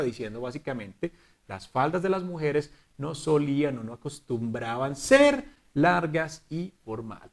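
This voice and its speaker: Lively bilingual English teacher, man. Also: medium pitch. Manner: lively teacher, slows to spell out examples. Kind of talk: bilingual grammar lesson.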